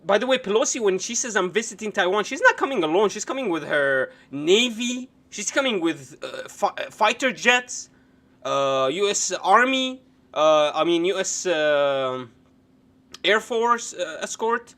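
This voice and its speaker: High-pitched, loud, mocking streamer man. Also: lively intonation, measured pace. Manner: loud, mocking, sarcastic, swears often. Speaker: live-stream host reacting to a clip. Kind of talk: profane, animated live-stream rant.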